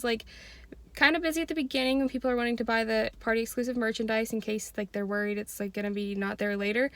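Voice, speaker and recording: A woman's voice: a little high, vocal fry, fairly bright tone, dry recording. A young woman chatting casually to camera in a vlog, bubbly and gushing, with lots of fillers. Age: young adult. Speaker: vlogger.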